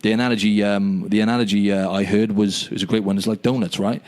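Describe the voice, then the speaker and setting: A young man from the United Kingdom hosting a casual podcast over a video call. He talks very fast in a slightly low voice, spinning animated stories and peppering them with "mate" and "you know what I mean". His voice comes through a video-call line. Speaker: podcast host.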